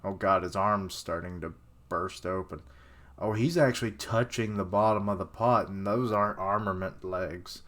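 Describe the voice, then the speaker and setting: Excitable young man reacting live. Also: deep voice, moderate pace. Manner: excitable, swears casually, laughs often, loses track of names. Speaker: streamer reacting to a manga chapter. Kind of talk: live reaction while reading aloud.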